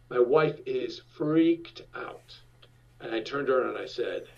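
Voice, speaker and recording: An older actor telling a rambling, animated anecdote about his show as an interview guest, acting out quotes along the way. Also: medium pitch, normal speed. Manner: rambling, restarts, lively voiced-out quotes. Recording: dull distant sound.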